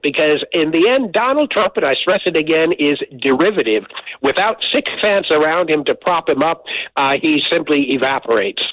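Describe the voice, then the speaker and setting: An older man with a General American accent, a guest on a radio call-in show, talking in a wry, measured way with many pauses. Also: on the high side, no room sound, muffled recording. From United States. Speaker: guest commentator.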